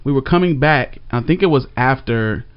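A man's voice: mid-range voice, lively intonation, moderate pace, clean tone, no room sound. Man, easygoing storyteller who corrects himself as he goes, dry dull recording. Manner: laid-back, rambling, self-correcting. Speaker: storyteller co-host. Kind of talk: casual storytelling chat. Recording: dry, slightly dull audio.

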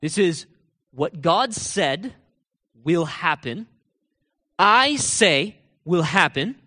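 A man with a notably high voice preaches a sermon, firing off rhetorical questions and pressing each point hard. Now and then he sinks to a low, quiet aside. His voice rings through the long echo of a large church hall. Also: animated, drawn-out words.

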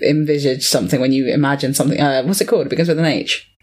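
A woman co-hosting a podcast, chatting casually about a film in a lively, argumentative way, swearing and laughing. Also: extremely low pitch, racing, husky. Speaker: podcast co-host. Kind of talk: casual film review chat.

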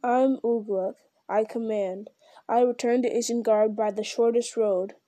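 A woman voicing a brutal male orc captain with a deep growl, barking blunt orders in a storybook reading. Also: steady tone, unhurried. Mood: commanding. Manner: loud, blunt, barked orders.

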